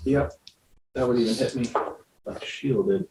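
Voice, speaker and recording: A man's voice: mid-range voice, warm tone. Joking male player in an echoey room. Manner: joking, asks quick rules questions. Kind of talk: casual tabletop play. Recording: echoey room, faint noise.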